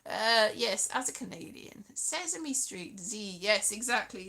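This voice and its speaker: High, bright British woman rambling. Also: animated, slow, creaky. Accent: British English. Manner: rambling, chatty storytelling. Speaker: livestream host. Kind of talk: casual chat with live viewers.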